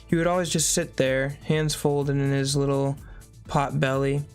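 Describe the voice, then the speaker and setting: Flat-voiced reader of a memoir. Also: medium pitch, normal speed, hardly any pauses, smooth, soft background music. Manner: plain reading with brief spoken asides. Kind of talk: reading a memoir aloud.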